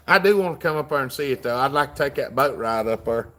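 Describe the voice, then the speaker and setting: This livestream host, a man with a Southern US accent, drawls folksily as he reads out comments from his viewers. His mid-range voice sounds pushed and bright.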